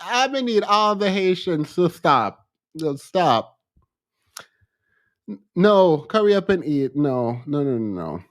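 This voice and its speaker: A man's voice: a little high, slow pace, long pauses. A man from Jamaica with a Jamaican accent, chatting casually on a livestream and reading out comments, playful and repetitive, often laughing. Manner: animated, playful, repeats himself, laughs often. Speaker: livestream host.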